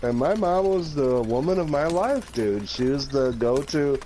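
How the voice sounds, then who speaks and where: A man's voice: medium pitch, lively intonation, a little slow, mellow. A man telling family stories in a rambling, casual way while co-hosting a game stream. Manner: rambling anecdotal storyteller. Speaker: streamer co-host. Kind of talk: casual gaming-stream chat. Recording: noisy stream mic.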